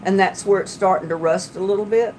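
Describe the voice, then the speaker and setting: An older woman talks to her livestream viewers from home in a relaxed, chatty manner. Her voice sits in a middle pitch, neither high nor low. A faint background hum sits under her talk. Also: a little fast. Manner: chatty, homey, talks about fixing things herself. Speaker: livestream host. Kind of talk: casual chat reading viewer comments.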